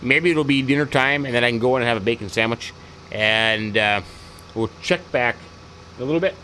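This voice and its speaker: A man's voice: medium pitch, fairly quick, sharp tone, slight background noise, low-quality recording. A man hosting a farming-game let's-play, chatting casually in a folksy, rambling way and repeating his stock phrases. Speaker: gaming channel host.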